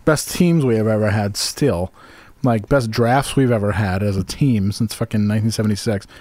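A man's voice: normal speed, darkish tone, no room sound. A man co-hosting a casual comedy podcast, joking crudely and swearing freely. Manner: crude, joking, puts on a low breathy "love voice". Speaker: podcast co-host.

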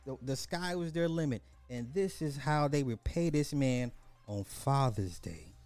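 A man's voice: medium pitch, animated, a little slow, a little mellow, dry recording, faint music behind. A man hosting a podcast of social commentary, telling a story in a casual, profane, mocking way and repeating phrases for effect. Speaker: podcast host.

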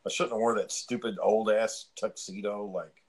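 A man's voice: on the low side, steady tone, normal speed. A man hosting a podcast, telling stories in casual chat with lots of cursing and laughter. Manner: profane, laughing storyteller. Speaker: podcast host.

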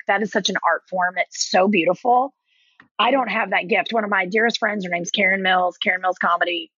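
A woman comedian with a Southern US accent, chatting casually and telling animated stories with many restarts. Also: medium pitch, breathy edge, dry recording, dull audio. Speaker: guest comedian. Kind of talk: casual chat.

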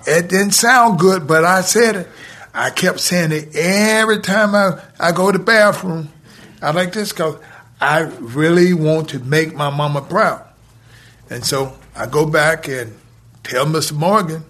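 A man's voice: on the high side, fairly bright tone. A man telling a long personal story as a podcast guest, with lots of "he said" and "I said.". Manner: drawn-out storytelling with repeated "he said".

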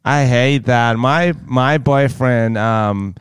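A man voicing a young American woman, his girlfriend, in a slow, lilting, higher voice. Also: dry recording, clean studio sound, close to an everyday voice. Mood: playful. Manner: slow, lilting, breathy girly voice.

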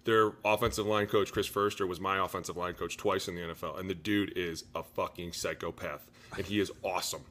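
A middle-aged man co-hosting a sports podcast, his voice forceful and a touch low. He talks in an animated, profane way and keeps jumping into loud impressions. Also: brisk. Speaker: podcast co-host, former pro lineman. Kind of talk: casual sports chat.

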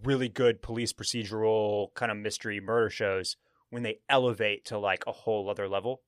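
A man's voice: on the low side, fairly even intonation, a little fast, no echo. A man hosting a podcast in a studio, chatting casually and enthusiastically, rambling and restarting his sentences. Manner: rambling, restarts often, enthusiastic about shows. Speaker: podcast host.

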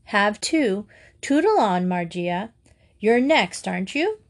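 A woman voicing a bold, blunt schoolgirl who speaks in a brisk, breezy way. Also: mid-range voice, very animated.

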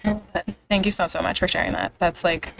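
A woman's voice: on the low side, very animated, fast talker, creaky, music in the background, low-quality recording. A young woman hosting a podcast, chatting casually and emotionally, with a lot of "like" fillers. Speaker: podcast host. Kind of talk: casual interview chat.

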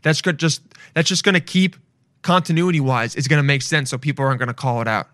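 A man's voice: a little high, quick pace, a bit bright, no echo, clean studio sound. Blunt, foul-mouthed young man reacting. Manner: crude, blunt, swears freely. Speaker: streamer reacting to videos. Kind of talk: casual reaction commentary.

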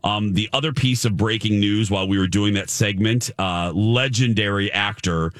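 A man's voice: lowish voice, moderate pace, a bit bright, no room sound, clean studio sound. A man hosting a morning radio show, chatting casually, laughing easily and reading breaking news with plenty of fillers. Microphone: studio microphone.

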